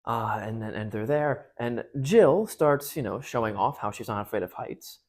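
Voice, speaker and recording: A man's voice: mid-range voice, moderate pace, darkish tone. Guy at a parish retelling a story, loose and jokey, lots of likes and you-knows. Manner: chatty, jokey, many fillers. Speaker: parish speaker. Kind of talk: casual story retelling and reading aloud.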